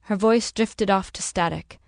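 Brief: woman audiobook narrator, mid pitch, measured, dry close recording. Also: gravelly, no room sound.

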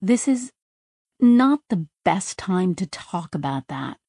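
A woman narrator voicing an artificial girl who answers in a steady, soothing, evasive way. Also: fairly low pitch, takes it slowly, no echo, full character voice. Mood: calm reassuring.

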